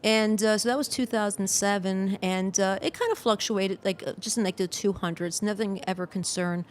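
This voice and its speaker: A woman's voice: medium pitch, fairly even intonation, normal speed, slight background noise. A woman guest on a podcast talking casually about her dog's health, rambling with frequent "you know" and "uh".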